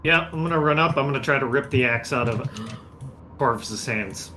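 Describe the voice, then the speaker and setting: A man's voice: medium pitch, normal speed, bright, forceful tone. A man playing a tabletop game, talking eagerly. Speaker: player. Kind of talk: casual game chat.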